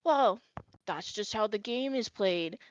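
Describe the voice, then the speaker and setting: A woman's voice: mid-range voice, expressive, slow pace, dull audio, a little hiss or hum. A woman voicing a smug, cackling male dragonborn who cheats at cards in a tabletop game.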